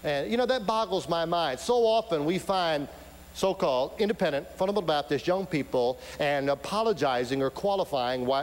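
In an echoey hall with a faint hum, a man with a voice on the high side preaches a sermon at a moderate pace. He tells stories animatedly, acting out the voices of the people in them and shouting at points.

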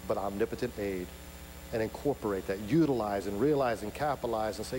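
A man preaching a sermon, swinging from loud, emphatic peaks to soft, intimate asides. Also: fairly low pitch, a little fast. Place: large church sanctuary. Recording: hall reverb, faint hum.

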